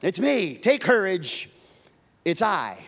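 A man voicing a reassuring divine figure, speaking emphatically and a bit louder than his own talk. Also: sits high, very animated, takes it slowly, creaky, voice pushed up, exaggerated voice. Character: calm, reassuring adult male divine figure.

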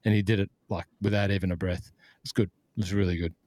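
A man's voice: deep voice, fairly even intonation, fast talker, darkish tone, dry recording. A man co-hosting a casual golf podcast over a video call, chatting easily and laughing often, a self-described equipment nerd. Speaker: podcast co-host.

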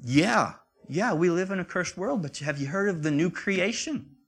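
A man's voice: high voice, lively intonation, moderate pace, fairly bright tone, breathy edge, soft background music. A man preaching a sermon in a conversational way, often repeating himself and rising to emphatic peaks.

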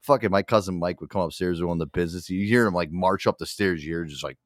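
A man's voice: sits low, fast talker, no room sound, clean studio sound. A man hosting a podcast, telling crude stories in casual chat and laughing often. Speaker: podcast host.

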